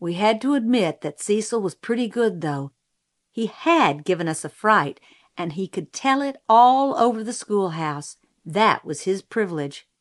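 A woman narrates a first-person novel in a measured storytelling voice. Her pitch sits in the middle, unhurried and clear. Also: lively intonation. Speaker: audiobook narrator.

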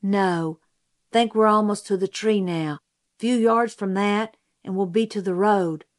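A woman reading aloud, voicing a protective older brother who speaks in an unhurried, flat, toneless way. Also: medium pitch, no echo, clean studio sound, close to an everyday voice. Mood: hushed.

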